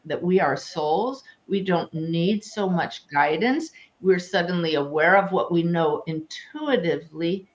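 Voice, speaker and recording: Medium-low woman with a soft lilt. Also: lo-fi sound. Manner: warm, animated, laughs easily. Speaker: host and medium. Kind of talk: casual spiritual Q&A talk.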